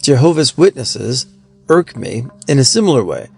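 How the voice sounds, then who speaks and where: A man reading out forum stories in an even, steady scripted narration. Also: mid-range voice, normal speed, creaky, breathy edge, soft background music.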